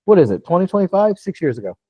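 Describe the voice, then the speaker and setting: A man's voice: sits high, big pitch swings, fast talker, warm tone, husky, dry recording. A man in his fifties coaching a live online Q&A on real estate investing, talking casually and plainly in his lighter "customer service" voice, often checking in with "you know what I'm saying.". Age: 50s. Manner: talks in a lighter "customer service voice" than his usual one.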